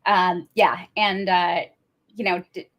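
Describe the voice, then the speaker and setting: A woman's voice: fairly low pitch, little pitch movement, slow pace, dull audio. A woman co-hosting a podcast, retelling TV scenes in detail with frequent laughs and a few stumbles. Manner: narrates plot in detail, laughs often, hesitant restarts. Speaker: podcast co-host. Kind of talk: casual TV recap chat.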